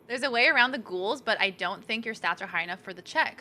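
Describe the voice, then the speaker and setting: Chatty young woman streamer, bright voice. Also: on the high side, animated, normal speed, long pauses, faint music behind. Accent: Boston. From Boston area. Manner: chatty, self-mocking, talks to chat. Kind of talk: casual gameplay commentary.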